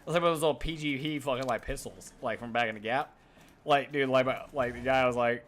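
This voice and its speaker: A man in his thirties streams a game and rambles to his chat in an everyday mid-pitched voice. He swears freely and jumps from story to story. Faint music plays underneath. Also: fairly quick, a bit bright. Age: 30s. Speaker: gaming streamer. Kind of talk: casual live-stream chat while playing.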